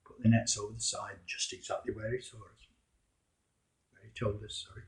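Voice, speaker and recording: A man's voice: lowish voice, level tone, moderate pace. Wry man telling a first-person story. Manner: wry, conversational, self-mocking.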